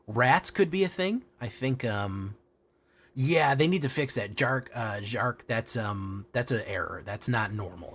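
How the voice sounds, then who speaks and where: A man with a medium-pitched, slightly bright voice streams a card game and chats casually with his viewers. He swears freely and often begins sentences again.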